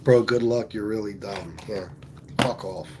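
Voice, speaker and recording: A man's voice: lowish voice, measured pace, noisy background. A man from Pennsylvania hosting a casual livestream, talking bluntly with plenty of swearing and reading viewer comments aloud. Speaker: livestream host.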